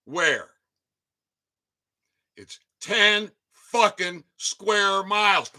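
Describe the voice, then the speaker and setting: Guy ranting live on stream, high sharp voice, slow and swearing, yells into the mic. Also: animated. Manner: angry swearing rant with shouted outbursts. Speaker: livestream host. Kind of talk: profane ranting livestream. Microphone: desk mic, sometimes too close.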